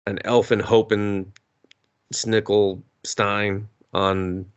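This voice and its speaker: A man's voice: on the low side, flat delivery, drawn-out words, smooth. A man co-hosting a podcast, recapping a movie in casual chat, swearing freely and acting out the characters' lines. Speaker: podcast co-host.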